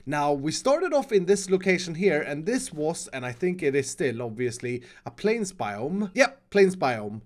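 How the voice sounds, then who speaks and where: A man hosting a casual gaming commentary, giggling often and sounding excitable. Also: on the high side, measured pace, few pauses. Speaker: channel host.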